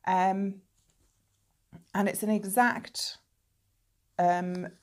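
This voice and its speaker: A woman's voice: fairly low pitch, a little mellow. A woman hosting a knitting podcast, chatting casually and showing her knitting to the camera, with chatty digressions.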